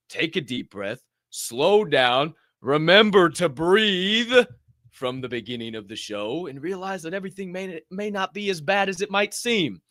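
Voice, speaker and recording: A man's voice: a little high, a bit bright, no echo, clean studio sound. A man co-hosting a podcast, giving a fired-up, profane motivational rant. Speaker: podcast co-host.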